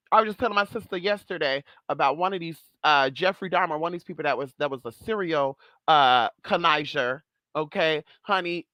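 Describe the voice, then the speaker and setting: A sassy vlog host chats straight to camera, swearing freely and calling the audience "girl" and "honey". The voice is bright and forward, and the sound is dry and close with no room echo. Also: mid-range voice. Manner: sassy, profane, chatty, calls viewers girl and honey. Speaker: channel host. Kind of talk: casual vlog commentary.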